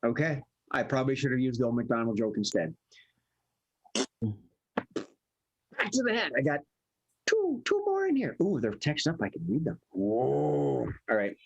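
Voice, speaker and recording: Husky guy hosting improv on a call, laughs a lot, voice swings all over. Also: medium pitch, huge pitch swings, unhurried, long pauses, dull audio. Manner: giggly, reads prompts from a hat. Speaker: improv game host. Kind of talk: hosting online improv show.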